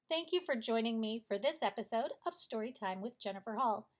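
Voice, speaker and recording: A woman reading a bedtime story aloud as a podcast storyteller, gentle and soothing. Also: on the high side, animated, a little fast, hardly any pauses.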